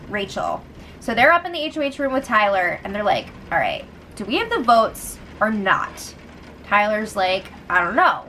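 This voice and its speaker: A young woman casually recapping a reality show, gossipy and animated, acting out what people said. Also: medium pitch, a little hiss or hum, poor audio. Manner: gossipy, animated, retells quotes.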